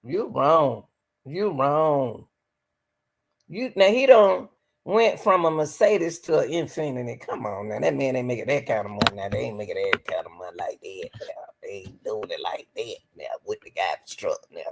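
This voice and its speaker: A woman's voice: extremely low pitch, normal speed, a little mellow, slight background noise. A woman hosting a livestream, commenting on courtroom footage in a casual, emphatic, incredulous way, often breaking into laughter. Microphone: livestream computer mic.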